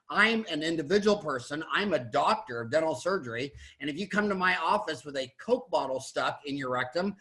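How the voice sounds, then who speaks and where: Middle-aged American dentist host, high bright voice, blunt and rambling, video call. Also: male voice, low-quality recording. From USA. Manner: blunt, rambling and emphatic with many restarts. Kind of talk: opinionated panel discussion.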